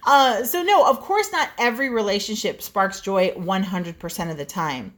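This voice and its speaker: A woman's voice: mid-range voice, lively intonation, normal speed, fairly bright tone. A woman in her forties co-hosting a casual chat podcast, blunt and profane as she tells stories. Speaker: podcast co-host.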